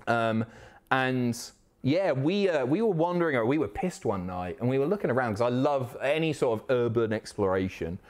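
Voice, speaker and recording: Man, excitable streamer, swears a lot, bouncy animated pitch, mid-range voice. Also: moderate pace. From Isle of Wight, England. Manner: excitable, sweary, reads chat aloud. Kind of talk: casual live-stream chat.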